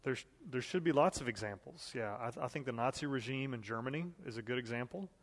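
A man's voice: mid-range voice, quick pace, big-room sound. A man teaching a Bible study in a conversational way, reading scripture aloud and asking the group questions.

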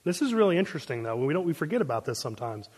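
A man's voice: on the high side, sing-song, very fast, a little mellow, long reverb tail. A man teaching a casual Bible class, chatty, with fillers and asides, answering questions from the room. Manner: conversational, with many fillers and pop-culture asides.

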